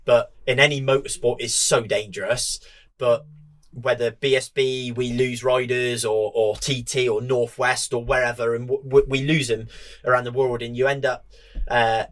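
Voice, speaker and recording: A man's voice: medium pitch, little pitch movement, moderate pace, a bit bright. A man who races motorbikes, chatting as a podcast guest, telling rambling stories and swearing freely. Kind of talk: casual chat.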